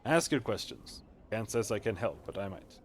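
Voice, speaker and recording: A man voicing a wary, greedy male street collector in a game, gruff and slangy. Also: on the low side, animated, normal speed, slight background noise, natural voice.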